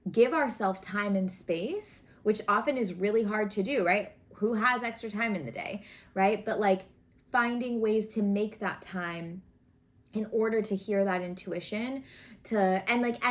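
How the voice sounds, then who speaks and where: Chatty, encouraging woman reading tarot. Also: mid-range voice. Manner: chatty, earnest, frequent "right?" and "okay?" check-ins; encouraging, coaching tone. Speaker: tarot reader. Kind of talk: casual tarot reading to camera.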